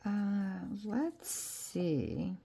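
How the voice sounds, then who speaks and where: A woman hosting a crafting vlog, chatting excitedly to viewers about her projects and apologizing with a laugh when she bumps the camera. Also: mid-range voice, extremely slow, vocal fry, breathy edge. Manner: gushing, excitable, talks to viewers while handling crafts; self-deprecating, apologetic asides. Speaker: crafting channel host. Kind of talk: casual crafting vlog chat.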